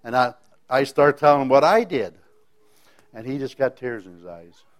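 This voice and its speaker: A man's voice: mid-range voice, expressive, normal speed. A man telling a personal faith testimony in a folksy, rambling way, often restarting his sentences. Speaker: speaker sharing a faith testimony.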